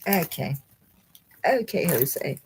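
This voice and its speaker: A woman's voice: on the low side, animated, takes it slowly, noisy background. A woman hosting a live jewelry sale stream, rambling chattily, thinking aloud, laughing often and talking to viewers by name. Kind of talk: casual live-stream selling chat.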